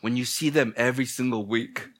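A male pastor giving a humorous sermon, telling stories in an animated, blunt, joking way, often laughing and mimicking people. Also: mid-range voice, brisk.

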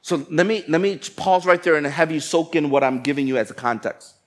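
A pastor delivers a sermon in an easy, talk-to-the-room manner. He slips in quick acted-out voices of everyday people. His voice sits a little on the high side for a man. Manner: conversational, playful preaching with acted-out inner voices.

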